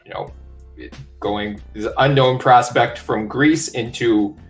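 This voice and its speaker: A man's voice: medium pitch, fairly even intonation, slow pace, faint music behind. A man hosting a basketball podcast interview in a friendly way, with light laughter and fillers. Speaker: podcast host.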